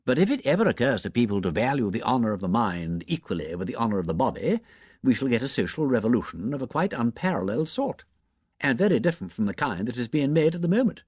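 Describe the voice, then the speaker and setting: An urbane aristocratic gentleman, as a narrator plays him, smooth and measured, only slightly lifted from the reader's own voice. The audiobook sound is dry and close. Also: mid-range voice, very animated, no echo.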